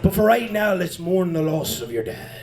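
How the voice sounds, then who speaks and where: A man's voice: sits high, big pitch swings, moderate pace, a crowd in the background. A comedian voicing a pirate mother who growls a pirate 'yar', then talks soothingly.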